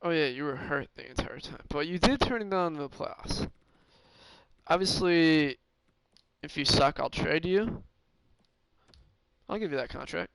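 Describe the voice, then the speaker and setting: A man talks his way through a hockey management game on stream, slowly and with plenty of fillers and restarts. His voice sits a bit high for a man, with a gravelly, smooth edge, and it comes through dry and close to the mic. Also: expressive, a bit bright, no echo, rough recording. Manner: thinks aloud, halting with fillers and restarts. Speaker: gaming streamer. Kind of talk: casual gameplay commentary.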